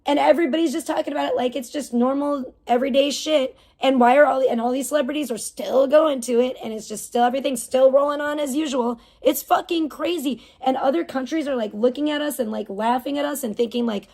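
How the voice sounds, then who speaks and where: A woman's voice: high-pitched, fast talker, vocal fry, hardly any pauses, darkish tone. A woman livestreaming and reading her chat, ranting casually with heavy swearing, indignant and rambling. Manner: rambling with fillers and restarts.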